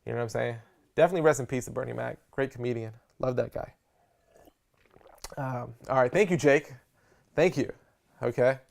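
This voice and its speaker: A man teaching a live seminar on public speaking, energetic and slangy, often checking in with his audience. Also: mid-range voice, normal speed, gravelly, pauses often. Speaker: speaker coach.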